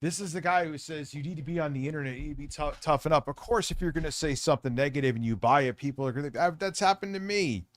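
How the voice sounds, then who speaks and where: Male streamer, sarcastic reaction commentary, slightly high voice, dry close mic. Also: fast, hardly any pauses, no echo. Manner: sarcastic, profane, dismissive.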